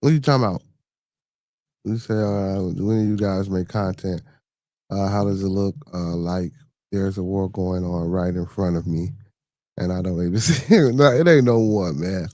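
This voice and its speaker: A man's voice: low voice, normal speed, dark tone, dry recording. A man hosting a casual podcast live stream, reading the chat and answering viewers in loose slang. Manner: laid-back, talks back to chatters with loose slang.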